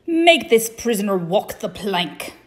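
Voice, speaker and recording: A woman voicing a gruff, bossy male pirate bunny captain who barks out loud orders. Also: mid-range voice, very animated, slow. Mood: commanding.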